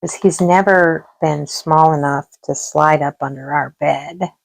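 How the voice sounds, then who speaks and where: A middle-aged woman with a low, gravelly voice tells a long story in relaxed home-vlog chat. She rambles warmly through quoted dialogue, recorded close and dry. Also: measured pace, dry recording. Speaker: craft vlogger. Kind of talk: casual storytelling while crafting.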